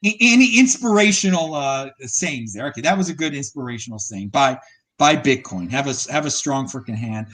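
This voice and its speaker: A man hosting a casual podcast, joking excitably and stumbling over his words. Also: mid-range voice, fairly quick, hardly any pauses. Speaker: host.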